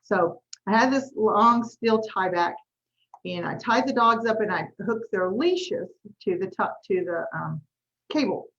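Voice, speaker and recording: A woman's voice: mid-range voice, expressive, unhurried, a bit bright, highs cut off. A woman, hosting a coaching talk and chatting through a story in a casual, friendly way. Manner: chatty, storytelling, says y'all. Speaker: life coach and host. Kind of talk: casual live-stream talk.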